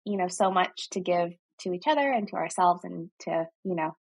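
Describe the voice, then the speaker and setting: A woman's voice: lowish voice, normal speed, gravelly, breathy edge. A woman hosting a podcast interview, speaking in an encouraging, conversational way. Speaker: podcast host.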